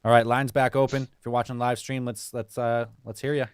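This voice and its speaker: A man's voice: medium pitch, brisk, clear, resonant tone, dry recording, clean studio sound. A man from Canada hosting a casual call-in podcast, joking and running the lines. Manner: relaxed, joking, runs the calls. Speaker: podcast host.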